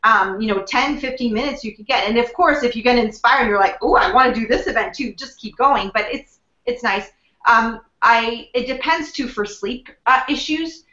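A woman's voice: a little high, normal speed, sharp tone. A woman guest on a wellness show, explaining things conversationally, full of fillers and restarts. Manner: chatty, many fillers and restarts. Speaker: guest, emotional wellness coach. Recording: dull lo-fi sound in a roomy space.

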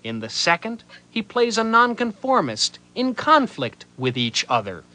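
A man's voice: high-pitched, big pitch swings, unhurried, heavy background noise. A man on a live radio comedy show reading absurd news items in a mock-serious way and tossing off dry comebacks. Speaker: comedy troupe member reading a news article on air.

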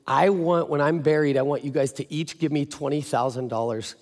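A man's voice: a little high, fairly even intonation, a little fast, in a large hall. A pastor voicing a sick elderly father earnestly telling his sons his dying wish.

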